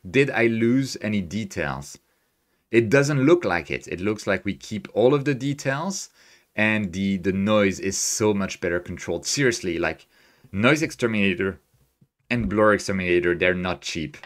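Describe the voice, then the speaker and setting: A man chatting casually through a live stream as he edits images, excitable and quick to laugh, with a hard-to-place non-native accent and frequent restarts. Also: deep voice. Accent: hard-to-place, non-native English. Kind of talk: casual live-stream commentary while editing.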